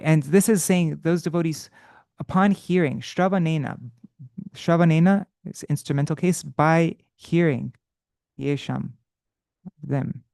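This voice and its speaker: Man, live study session, thinks aloud, halting restarts, slow chanted verses, smooth voice, fairly high, dry close sound. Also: darkish tone, dry recording. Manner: chants verses slowly in a sung tone. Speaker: teacher of scripture study.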